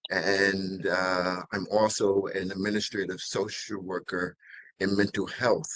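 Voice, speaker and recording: A man with a fairly low voice introduces himself at an online community meeting. He speaks in a polite, measured way and adds small fillers between his points. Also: little pitch movement, a bit bright, a little hiss or hum. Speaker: pastor. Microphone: video call.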